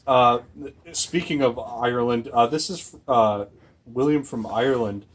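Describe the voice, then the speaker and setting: A man with a middle-pitched voice co-hosts a comedy gaming video. He reads out donations and plugs in a dry, fake-salesy presenter tone. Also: unhurried. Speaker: co-host.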